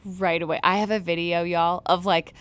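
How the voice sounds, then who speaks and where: A young woman, a touring country singer chatting in a casual interview, bubbly and quick to laugh. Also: lowish voice, flat delivery, a bit bright, clear, resonant tone.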